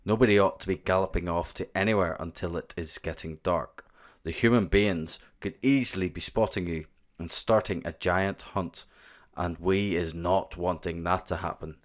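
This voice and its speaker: A man reading aloud as a loud, bullying male giant who taunts with mangled grammar. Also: low voice, steady tone, normal speed, natural voice. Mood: taunting.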